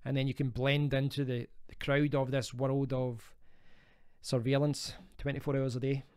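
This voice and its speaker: Chatty Scottish man, smooth clear voice. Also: medium pitch, level tone, moderate pace, darkish tone, no room sound, clean studio sound. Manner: chatty, rambling, reads out and answers viewer comments. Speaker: live stream host. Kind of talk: casual live stream chat. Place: home in Spain.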